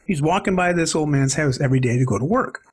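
A man in his forties talks as an interview guest with a husky edge and a pitch that sits a little high. He tells stories in an animated way, and his voice swings widely as he speaks. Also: quick pace. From Canada. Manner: animated, expressive storyteller. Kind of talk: conversational interview storytelling.

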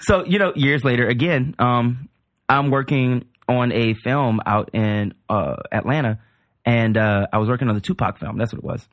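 A male comedian, a podcast guest, telling an animated, rambling story in casual chat. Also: medium pitch, normal speed, no room sound, studio quality.

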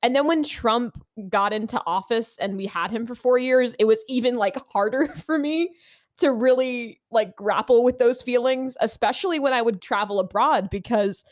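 A woman with an American accent leads a casual chat, her voice pitched a little high. She talks thoughtfully, with plenty of "like"s, on a dry, close mic with no room sound. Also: normal speed, dry recording. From United States. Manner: thoughtful, many fillers. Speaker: host. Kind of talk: casual discussion.

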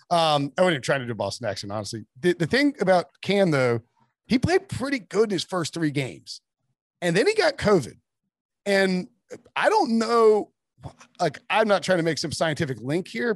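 A man talking casually as a sports writer guest on a podcast, rambling with quick asides and restarts. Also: fairly high pitch, no echo, clean studio sound.

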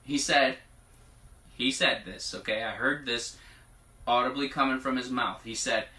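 A man preaching informally, reading scripture aloud in a chatty way, often laughing and at times turning hushed and emotional. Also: mid-range voice, fairly even intonation, a little slow, pauses often. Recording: echoey room, mic at a distance.

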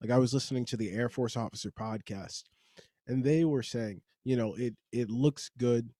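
A man's voice: medium pitch, normal speed, dark tone, dry recording, clean studio sound. A man hosting a casual podcast discussion, talking in a rambling, conversational way with frequent restarts. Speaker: podcast host.

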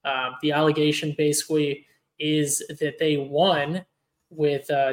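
A man's voice: a little high, little pitch movement, normal speed, low-quality recording. A man co-hosting a podcast in casual chat, rambling with many restarts and fillers. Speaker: podcast co-host.

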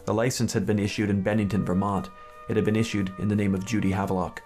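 A man hosting a podcast, chatting casually and reading a story aloud in a steady, measured way. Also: fairly low pitch, faint music behind. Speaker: podcast host.

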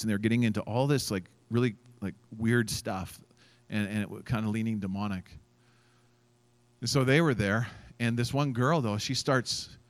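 A man preaching a sermon as a pastor, telling a story in an animated way, acting out quotes and using many fillers. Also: on the low side. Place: church event stage.

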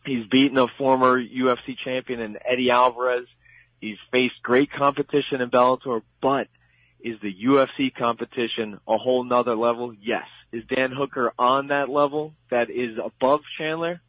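A man's voice: mid-range voice, steady tone, normal speed, a bit bright, no echo. A man with a Long Island accent giving emphatic, opinionated fight predictions on a sports radio show. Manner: emphatic, opinionated, repeats "I believe". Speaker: guest fight analyst. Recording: dull lo-fi radio sound.

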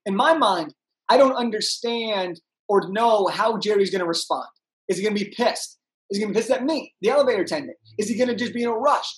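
Energetic young man telling a story. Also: sits high, fast talker, low-quality recording. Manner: animated, acts out voices in his anecdotes. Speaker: guest. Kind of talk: energetic storytelling in a podcast interview.

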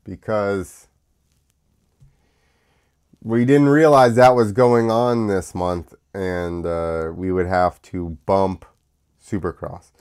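Host, American man, unhurried and rambling, sick with a cough. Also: low-pitched, steady tone, a little mellow, clean tone. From United States. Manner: rambling, with many fillers and restarts. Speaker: podcast host. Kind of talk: casual solo talk show.

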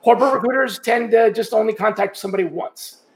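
High-voiced man explaining methods. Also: fast, creaky, background noise. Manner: conversational, explains step by step with many restarts. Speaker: guest, sourcing trainer. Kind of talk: casual podcast interview.

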